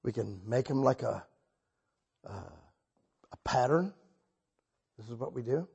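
A man preaching a sermon and telling a story, animated and breaking into loud bursts when he quotes himself. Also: mid-range voice, measured pace, creaky, breathy edge.

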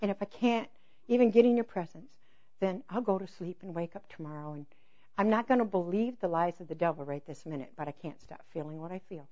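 A woman preaching a sermon through personal stories, acting out dialogue with laughter, then dropping to a soft, intense hush on key points. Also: on the low side, animated, brisk, dull audio.

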